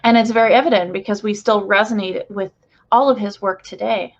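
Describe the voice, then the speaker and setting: In a muffled bedroom recording, a woman who works as a spiritual channeler speaks a little fast at medium pitch. She addresses viewers casually, excitable and gushing, with many fillers.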